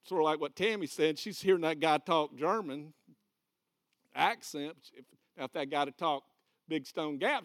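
A man's voice: a little high, moderate pace, dry recording. Man, Southern American accent, pastor, conversational sermon, repeats himself, close dry sound. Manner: conversational, repeats key phrases, directs volunteers. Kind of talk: folksy sermon with a live demonstration.

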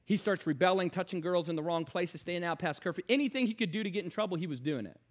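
Male preacher, high-pitched, impassioned sermon storytelling, repeats phrases, loud to hushed. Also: lively intonation, fast talker.

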